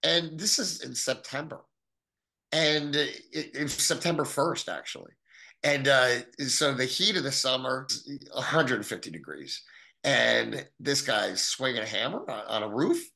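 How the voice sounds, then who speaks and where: Middle-aged man, gravelly and bright, animated storyteller who voices the people in his tale. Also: a little slow. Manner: animated, acts out quoted voices with big pitch jumps. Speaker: guest telling his story. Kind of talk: storytelling in an interview.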